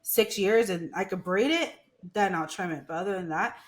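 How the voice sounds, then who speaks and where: A woman's voice: medium pitch, normal speed. A woman who works as a waxer, chatting casually on a podcast and acting out quotes as she tells stories. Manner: animated storyteller, acts out quotes. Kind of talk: casual chat.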